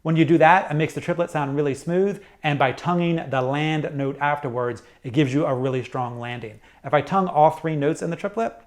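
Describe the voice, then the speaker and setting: A middle-aged man teaching a saxophone lesson, explaining jazz articulation step by step in a clear, methodical way. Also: on the high side, brisk, few pauses, faint music behind. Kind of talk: instructional music lesson.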